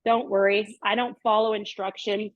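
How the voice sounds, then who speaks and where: A woman's voice: medium pitch, level tone, moderate pace, no echo. A middle-aged woman hosting a casual cooking demonstration in her home kitchen, chatting upbeat as she works. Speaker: cooking show host. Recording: dry, dull lo-fi sound.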